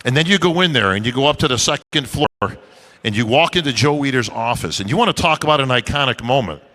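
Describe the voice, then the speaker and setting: A man's voice: mid-range voice, fast talker, poor audio. A man hosting a press conference, reminiscing and introducing guests to an audience. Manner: reminiscing, animated emcee. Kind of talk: emcee speech to audience.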